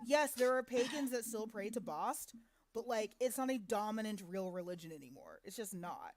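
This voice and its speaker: A woman co-hosting a casual podcast chat, blunt and opinionated and quick to laugh. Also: mid-range voice, animated, darkish tone, no echo. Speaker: podcast co-host.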